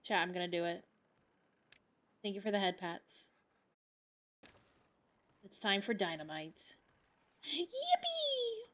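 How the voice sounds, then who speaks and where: A woman's voice: on the low side, fairly even intonation, unhurried, pauses often, fairly bright tone. A young woman from Indiana with a Midwestern accent and a slight Southern lilt, streaming a game and chatting casually with viewers, giggly and playfully dramatic. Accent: Midwestern American with a slight Southern lilt. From Indiana, USA. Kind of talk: casual live-stream chat while gaming.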